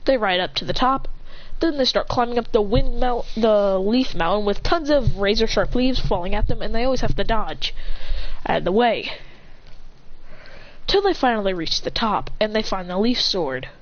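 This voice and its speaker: Rambling woman storyteller, lively pitch. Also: normal speed, pauses often, slight background noise. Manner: rambling, frequent self-corrections. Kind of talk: improvised story narration. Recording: muffled lo-fi recording.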